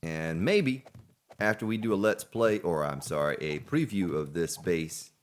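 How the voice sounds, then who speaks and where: Deep-voiced man rambling over gameplay. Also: measured pace. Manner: rambling, talks to himself. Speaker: gaming let's play host. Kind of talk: casual gameplay commentary.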